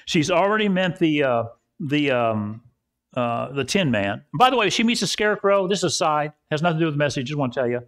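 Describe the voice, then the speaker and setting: A man preaches at a church service in a relaxed, storytelling way. His voice sits on the higher side for a man. He builds points by repeating phrases. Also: brisk. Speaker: pastor. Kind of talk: sermon.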